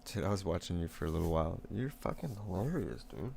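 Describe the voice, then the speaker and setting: A man's voice: sits low, animated, fast, creaky, over music. A young man rambling casually while painting on a live stream, laid-back, swearing often and laughing a lot.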